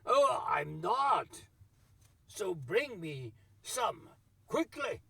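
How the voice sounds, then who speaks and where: A big, rowdy monk barks his orders for wine, as a man puts him on in a storytelling. He is blunt and demanding, with a high, bouncing pitch and a gravelly edge. The sound is close and dry. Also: big pitch swings, very slow, sharp tone, dry recording, far from the mic, heavily acted. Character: rowdy burly male monk craving wine.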